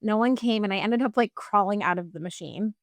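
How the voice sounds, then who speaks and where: A woman's voice: mid-range voice, fairly quick, no room sound. A woman in her thirties, a podcast guest telling her personal story in a casual, chatty way full of fillers.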